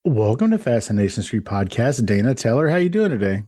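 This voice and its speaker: A man's voice: medium pitch, big pitch swings, fairly quick, loud music behind the voice. A man hosting a podcast, chatting casually with a guest and teasing her in a playful, jokey way. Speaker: podcast host. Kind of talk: casual interview chat.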